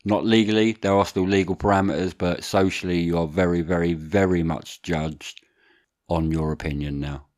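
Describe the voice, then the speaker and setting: A man's voice: low-pitched, fairly even intonation, normal speed, darkish tone. A man co-hosting a podcast, chatting casually and animatedly, slangy and prone to restarts. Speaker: podcast co-host.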